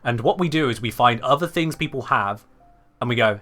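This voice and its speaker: A man's voice: mid-range voice, a little fast, faint music behind. A British man chatting playfully with his live-stream audience while he plays a game. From Britain. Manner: animated, playful, talks back to chat.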